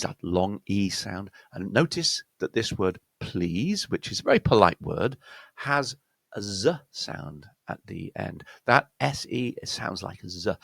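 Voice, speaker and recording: A man with a British accent teaching pronunciation, slowing down to spell out words with exaggerated care. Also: deep voice, vocal fry, a bit bright, no room sound. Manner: slow, exaggerated demonstrations of words. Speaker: accent coach. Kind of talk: pronunciation lesson.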